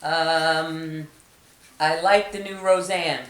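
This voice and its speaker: Slow-talking low-voiced woman. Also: fairly even intonation, reverberant. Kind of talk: casual chat.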